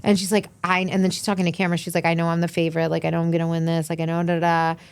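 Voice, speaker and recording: Animated woman recapping reality TV, dry sound. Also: fairly low pitch, very fast, clean tone, no echo. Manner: animated, acts out quotes in many voices. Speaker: podcast co-host. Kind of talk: casual chat recapping reality TV.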